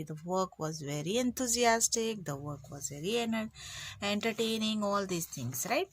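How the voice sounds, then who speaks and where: A woman's voice: medium pitch, no room sound. A woman with an Indian English accent teaching an online physics class in a chatty way, acting out her students' lines.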